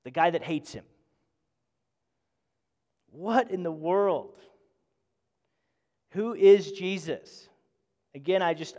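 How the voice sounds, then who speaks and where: A man preaching a sermon with passion, swinging between loud emphatic bursts and hushed, intimate moments. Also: a little high. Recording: long hall reverb.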